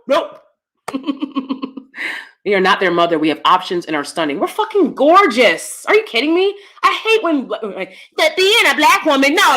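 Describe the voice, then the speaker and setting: A woman, chatting casually and animatedly with her viewers while laughing often, swinging between loud bursts and soft asides. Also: sits high. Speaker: channel host. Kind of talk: casual live-stream chat.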